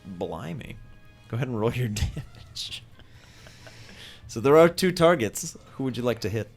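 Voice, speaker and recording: A man narrating as game master of a tabletop game, loose and full of fillers, breaking into shouted voices for characters. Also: medium pitch, animated, measured pace, soft background music.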